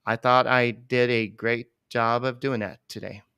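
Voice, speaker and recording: A man co-hosting a baseball podcast, talking casually and rambling with many pauses. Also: medium pitch, fairly even intonation, vocal fry, bright, forceful tone, smooth, no room sound, clean studio sound. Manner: rambling, many fillers and restarts. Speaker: podcast co-host. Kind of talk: casual sports chat.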